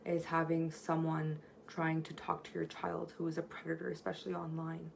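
A woman with a deep, gravelly voice speaks at a moderate pace in a completely flat delivery, over poor audio carrying a slight hiss or hum. She's a workshop presenter giving a conversational seminar on communication from her home near a street. She tells stories earnestly and keeps checking in with a tag "right?".

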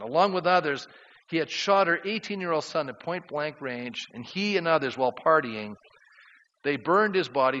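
A male pastor delivering a sermon with impassioned preaching, swinging from soft, quiet passages to loud, rising ones. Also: medium pitch, dull audio.

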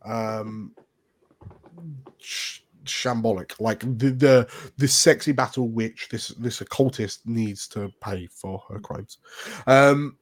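A man's voice: fairly low pitch, slow pace. A man narrating a tabletop game as game master, hesitant, with many fillers and restarts.

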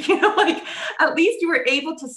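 A woman's voice: very high voice, fairly quick, fairly bright tone. A woman co-host chatting casually, emphatic, reacting to a guest's story. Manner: emphatic, reacting with short affirmations. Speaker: podcast co-host. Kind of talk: casual chat. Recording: roomy echo.

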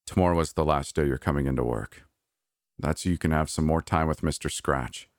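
Man reading a frantic male boss, very deep voice, dry read. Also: no echo. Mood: pleading. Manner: hushed, halting and pleading. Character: anxious, desperate adult male manager. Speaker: park manager.

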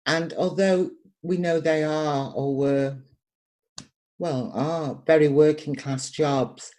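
An older woman from Manchester, England, a poet and performer, is being interviewed and tells personal stories in her Manchester accent. Her voice is low and she takes her time, yet she's lively, acting out the voices of the people in her anecdotes.

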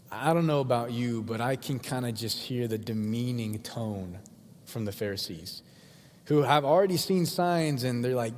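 A man preaches in a loose, chatty way, as if talking with friends, and now and then slips into the voices of the crowd. His voice sits at an ordinary middle pitch. A long reverb trails after each phrase, as in a large church. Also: moderate pace, a little mellow, a little hiss or hum. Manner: casual and conversational, acts out voices of the crowd. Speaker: pastor. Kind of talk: sermon. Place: church sanctuary.

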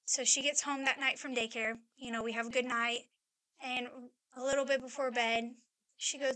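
High, bright-voiced woman telling stories. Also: level tone, moderate pace. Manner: rambling, chatty storyteller, heavy use of "like". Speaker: podcast co-host, mother. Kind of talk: casual chat, personal storytelling.

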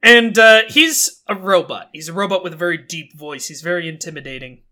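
A young man co-hosting a podcast in casual chat, talkative and quick to laugh at himself. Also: high-pitched, lively intonation, bright, forceful tone. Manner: chatty, self-amused, laughs often. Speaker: podcast co-host.

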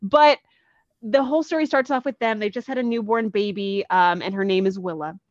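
A woman's voice: medium pitch, brisk, dry recording, dull audio. A woman on a podcast casually retelling a comic book story with lots of energy, acting out the characters' lines. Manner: animated, acts out characters' lines.

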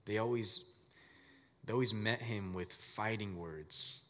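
A man giving a casual, conversational sermon as a pastor, telling stories in a relaxed, filler-heavy way. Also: on the low side, slow pace, in a large hall.

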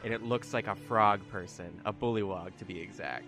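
A young man in a relaxed, easygoing manner, narrating a tabletop game as game master. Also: fairly low pitch, brisk, over music. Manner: easygoing, laughs often.

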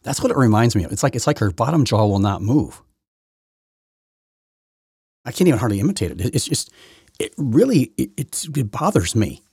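A man's voice: mid-range voice, big pitch swings, brisk, pauses often, a little mellow, slightly rough, no echo, clean studio sound. A man hosting his own podcast, giving rambling, opinionated solo commentary full of restarts and repeated words. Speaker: podcast host.

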